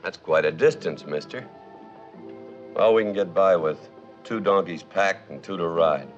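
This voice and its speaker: A surly sardonic drifter, gruff and dismissive, lowish voice, dull vintage film sound. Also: male voice, measured pace, faint music behind. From United States. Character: surly, sardonic American drifter in jail, adult man. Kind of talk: 1950s film acting.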